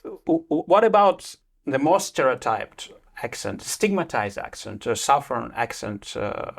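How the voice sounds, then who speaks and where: A man's voice: mid-range voice, big pitch swings, unhurried, creaky. A man whose first language is Russian, interviewing in playful, stumbling English with many restarts. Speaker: interviewer, host. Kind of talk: casual interview.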